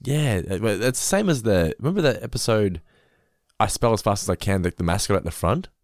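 A man's voice: fairly low pitch, animated, a little fast, dry recording, studio quality. A man hosting a casual podcast, recapping an episode with chatty asides. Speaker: podcast host. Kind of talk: casual chat.

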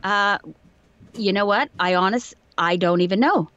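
A woman's voice: mid-range voice, normal speed, fairly bright tone, smooth, dull audio. A woman voice actor chatting in an interview, telling anecdotes and laughing easily. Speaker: voice actor guest. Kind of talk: casual interview chat.

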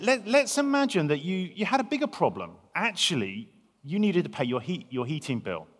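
A male pastor delivers a conversational sermon, his pitch swinging widely as he talks. He restarts phrases often and sounds a touch high. A long hall reverb trails each line. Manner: lively, conversational preaching with frequent restarts.

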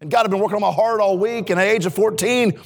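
A male missionary preaching in a church, his voice pitched high with a gravelly edge. He moves between quiet, earnest moments and emphatic, raised passages, speaking straight to the congregation. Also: rapid-fire. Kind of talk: sermon. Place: church sanctuary.

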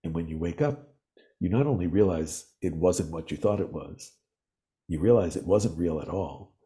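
A man talking as a podcast guest, explaining ideas in earnest, animated storytelling. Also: low voice, normal speed. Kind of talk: reflective interview talk.

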